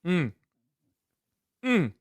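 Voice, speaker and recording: A man's voice: high-pitched, big pitch swings, extremely slow. An upbeat man co-hosting a casual sports podcast, bantering and joking. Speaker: podcast co-host.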